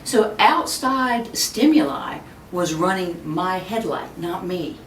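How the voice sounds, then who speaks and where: A woman in her fifties giving a webinar talk, telling stories in an animated way and acting out the voices she quotes. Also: takes it slowly. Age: 50s. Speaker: speaker on child discipline. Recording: echoey room, distant mic, faint rumble.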